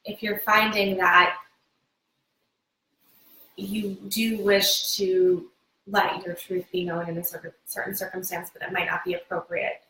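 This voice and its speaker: A woman co-hosting a live wellness webinar, reading questions and adding advice in a calm, clear way. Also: on the low side, measured pace, long pauses. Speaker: webinar co-host. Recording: echoey, distant mic, faint noise.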